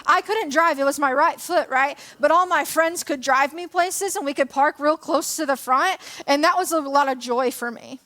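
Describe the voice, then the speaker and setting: A young woman in her twenties with a high voice speaks to a church congregation. She tells a personal story in a chatty, self-deprecating way, with lots of "um" and "like." She sounds relaxed and conversational, not formal. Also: moderate pace, hardly any pauses. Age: 20s. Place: church hall.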